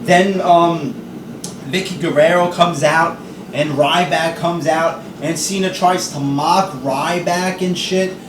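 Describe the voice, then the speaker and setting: A man's voice: a little high, steady tone, takes it slowly, background noise. Ranting young man in an echoey room. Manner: ranting, profane, exasperated. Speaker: wrestling show reviewer. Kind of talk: casual vlog review. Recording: roomy echo, distant from mic.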